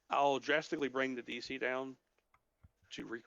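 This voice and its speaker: A man's voice: medium pitch, steady tone, normal speed, gravelly, fairly bright tone, no room sound, lo-fi sound. A man narrating as game master of a tabletop game, hesitant with many fillers.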